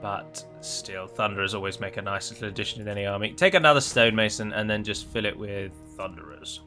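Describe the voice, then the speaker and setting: Bright-voiced man commentating a strategy game. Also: fairly low pitch, a little fast, faint music behind. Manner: chatty, wry, addresses viewers directly. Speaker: gameplay commentator. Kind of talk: casual let's-play commentary.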